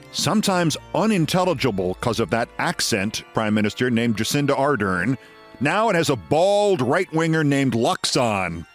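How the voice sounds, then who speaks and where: Host in his sixties, lively pitch, sarcastic and theatrical, light music underneath. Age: 60s. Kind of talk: political commentary and story reading.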